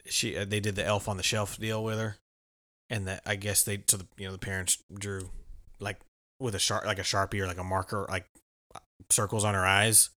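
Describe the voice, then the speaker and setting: Rambling, halting young male co-host. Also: fairly low pitch, flat delivery, pushed and bright, no echo. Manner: halting, rambling, filler-heavy. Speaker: podcast co-host. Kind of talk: casual chat.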